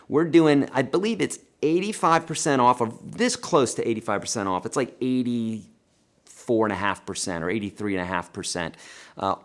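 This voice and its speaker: Chatty, animated male guitar teacher. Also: fairly low pitch. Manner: chatty and animated, addresses viewers as friends; reads viewer questions aloud. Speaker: guitar teacher hosting a livestream. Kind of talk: live-streamed guitar lesson and Q&A.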